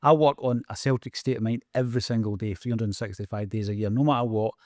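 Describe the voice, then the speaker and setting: A man's voice: mid-range voice, steady tone, fast, darkish tone, no room sound, studio quality. A man with a Scottish accent hosting a casual podcast interview, asking questions in an enthusiastic, chatty way. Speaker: podcast host.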